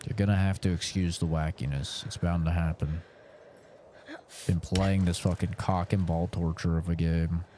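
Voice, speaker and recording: A man's voice: deep voice, normal speed, a little hiss or hum. A tired young man streaming a game, talking to himself, swearing and bursting out as he plays. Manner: swearing, self-talking, excitable outbursts. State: tired from a long session. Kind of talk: live gaming commentary.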